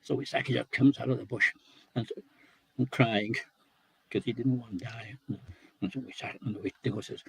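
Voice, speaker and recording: A man telling a traditional folk tale, unhurried and repeating phrases for rhythm. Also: medium pitch, steady tone, gravelly, fairly bright tone, slightly rough, no echo, poor audio. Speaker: storyteller. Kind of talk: oral folk storytelling.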